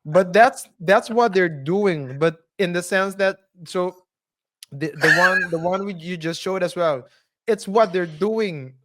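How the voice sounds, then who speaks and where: A man co-hosting a casual commentary podcast, speaking haltingly, restarting sentences and chuckling often. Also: high-pitched, fairly bright tone. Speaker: podcast co-host.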